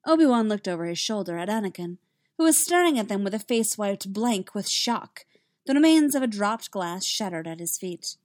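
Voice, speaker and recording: A woman reading a story aloud in an even, unhurried narration. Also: medium pitch, dry recording, studio quality. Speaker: reader. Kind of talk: reading fan fiction aloud.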